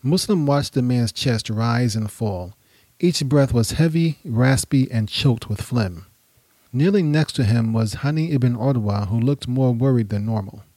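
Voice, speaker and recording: A man narrating a history podcast in a measured, dramatic storytelling manner. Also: medium pitch, a little mellow, dry recording.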